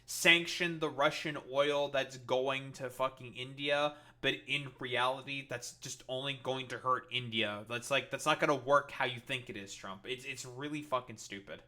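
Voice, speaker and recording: A man's voice: mid-range voice, moderate pace, few pauses, pushed and bright. A man doing reaction commentary, ranting in an exasperated, profane way. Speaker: political commentator streamer.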